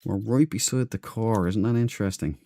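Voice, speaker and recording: An Irish gaming streamer with a fairly low, mellow voice chats casually to his viewers at a moderate pace while playing a space game. His commentary is rambling and talkative, aimed at both chat and his in-game crew.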